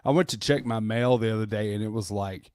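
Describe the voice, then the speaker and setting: A man's voice: on the low side, fairly quick, a little mellow, clear, resonant tone, no echo. A man co-hosting a casual live-stream chat, griping and joking with frequent laughter. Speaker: co-host.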